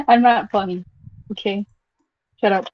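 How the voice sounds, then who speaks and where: A woman chatting casually, teasing and interrupting with deadpan jabs. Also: mid-range voice, slow, no room sound, lo-fi sound. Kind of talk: casual chat.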